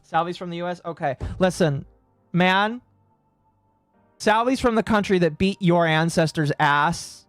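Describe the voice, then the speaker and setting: A woman's voice: on the low side, measured pace, dry recording, soft background music. Brash, foul-mouthed American woman streamer. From United States. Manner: crude, brash, mocking, swears often. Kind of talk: livestream reaction commentary.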